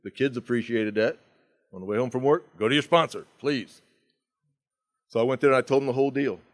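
A middle-aged man speaking at a recovery meeting, telling a personal story with wide swings from loud outbursts to hushed asides. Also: medium pitch, steady tone, fast. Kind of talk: storytelling talk.

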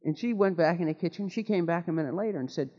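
A man with a slightly high voice tells folksy jokes to a recovery meeting, stumbling over restarts as he goes. His voice rings through a large hall with a long tail of reverb, and the recording sounds muffled and dull. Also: quick pace, darkish tone. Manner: rambling with many restarts, folksy joke-telling.

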